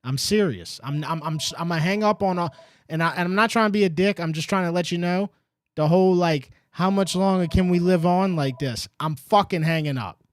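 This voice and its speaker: A man's voice: fairly high pitch, brisk, dry recording. A man hosting a call-in sports talk show, blunt and profane, rambling between calls. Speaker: sports radio host.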